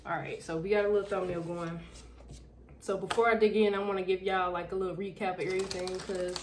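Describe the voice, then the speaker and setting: A young adult woman talking loud and animated, with a lot of swearing, in a casual storytime vlog filmed at home on camera. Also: mid-range voice, fast talker, a little hiss or hum. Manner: loud, animated, profane chatter. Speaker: YouTuber. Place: home room with backlight. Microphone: camera in front of her.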